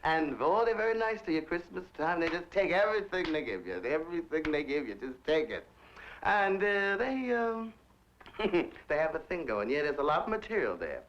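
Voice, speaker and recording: A man's voice: fairly high pitch, big pitch swings, moderate pace, a bit bright, a little hiss or hum. A flamboyant man spins his stories with a camp flair, his voice rising and dipping all the time and breaking into laughter. The old film recording sounds dull and muffled. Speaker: interviewee telling life stories. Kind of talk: candid storytelling to the camera.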